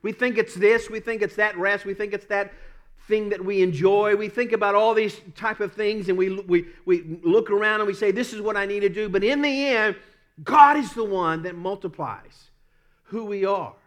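A man's voice: high-pitched, normal speed. Southern-accented man preaching a sermon. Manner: earnest preaching with self-deprecating laughs and repeated phrases. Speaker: pastor.

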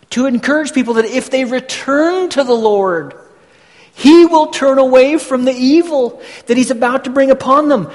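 A man preaching a sermon, teaching slowly and deliberately with emphatic pauses. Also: very high voice. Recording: long hall reverb.

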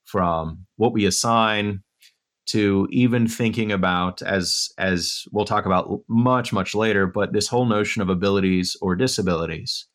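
A man's voice: fairly low pitch, normal speed, a bit bright. A man being interviewed as an author and educator, laying out his points in order in an earnest, thoughtful way. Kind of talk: conversational interview. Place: Durham area.

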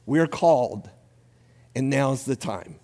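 A man's voice: mid-range voice, expressive. A man preaching a sermon, giving a numbered list with rising emphasis and then leading the congregation in prayer. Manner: preaching with rising emphasis and a quiet, slowed close. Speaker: pastor. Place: church sanctuary. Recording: long hall reverb.

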